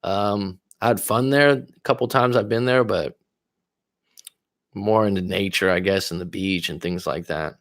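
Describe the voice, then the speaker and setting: This livestream host is a life coach who talks casually with plenty of swearing while responding to what viewers comment. His deep voice moves at a moderate pace. It's studio quality, with no room sound.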